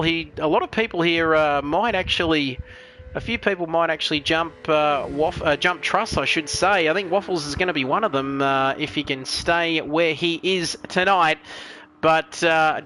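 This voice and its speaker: Chatty commentator with a high, bright voice, over a faint background hiss. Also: male voice. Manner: chatty, joking, reads chat messages aloud. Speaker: race commentator. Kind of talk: sim racing commentary.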